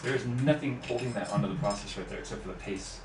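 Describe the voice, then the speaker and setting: While working on his computer during a live stream, a tech YouTuber host with a fairly low voice talks fast, relaxed and joking. It's casual chat recorded with a distant mic in an echoey room, with noise in the background.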